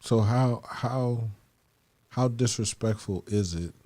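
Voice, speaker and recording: A man's voice: medium pitch, slow pace, dark tone. A man co-hosting a radio talk show, trading teasing banter in casual chat. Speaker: radio co-host.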